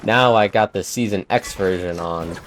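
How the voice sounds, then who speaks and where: A man's voice: sits low, moderate pace, over music. A young man giving casual, self-mocking commentary over his own gameplay clips. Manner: laid-back, self-mocking, joking. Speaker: gaming YouTuber. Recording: loud gunfire and game sounds behind.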